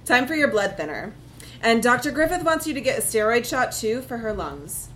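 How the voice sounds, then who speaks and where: A chatty young nurse from a storybook reading, her voice springing up high and bouncy, each line curling up at the end. A woman reader puts her on with plain enthusiasm. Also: sing-song, normal speed, fairly bright tone, a little hiss or hum. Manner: uptalking, gossipy.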